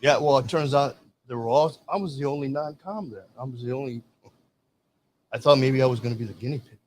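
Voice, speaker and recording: A man's voice: mid-range voice, fairly quick, darkish tone. Older man, veteran guest, rambling anecdotes, light background noise. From Michigan. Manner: rambling storyteller, acts out quoted dialogue. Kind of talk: casual storytelling.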